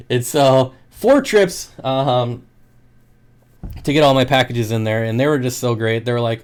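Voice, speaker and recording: A man's voice: mid-range voice, steady tone, normal speed, long pauses, smooth. A man who sells aquarium fish, chatting casually on his livestream, joking and laughing often. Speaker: aquarium fish seller and streamer.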